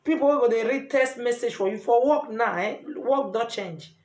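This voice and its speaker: A middle-aged woman with a Nigerian Pidgin English accent, earnestly giving lively advice in a casual vlog. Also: fairly high pitch, moderate pace. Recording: echoey room.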